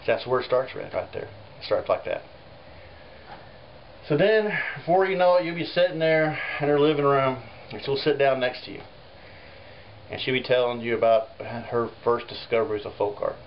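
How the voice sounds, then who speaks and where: Guy rambling a funny story, lots of "you know", mid pitch, muffled lo-fi audio with faint hiss. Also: moderate pace. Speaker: folk artist. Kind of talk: rambling comic monologue.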